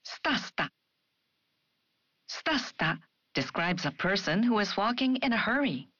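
A woman presenting a scripted language lesson, speaking example phrases clearly and carefully. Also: mid-range voice, very animated, moderate pace, fairly bright tone, no echo, lo-fi sound. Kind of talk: scripted educational narration.

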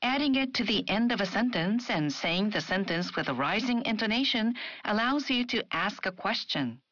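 A woman teaching a language lesson in a clear, measured way, modeling words slowly. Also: mid-range voice, expressive, fairly bright tone, dry recording. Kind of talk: scripted lesson explanation. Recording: dry, dull studio sound.

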